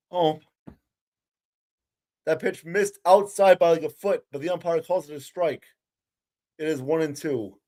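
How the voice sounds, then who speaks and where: Frustrated fan calling a baseball game. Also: male voice, on the high side, unhurried, pauses often, darkish tone. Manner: frustrated, ranting fan commentary, curses. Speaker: fan play-by-play streamer. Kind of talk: amateur live play-by-play commentary.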